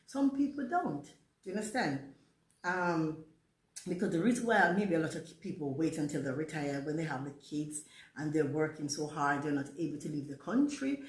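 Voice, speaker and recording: A woman in her forties with a Jamaican accent tinged with British, telling a rambling storytime monologue and mixing patois into her English. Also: fairly low pitch. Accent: Jamaican, mixed with British. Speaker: vlogger. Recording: roomy echo.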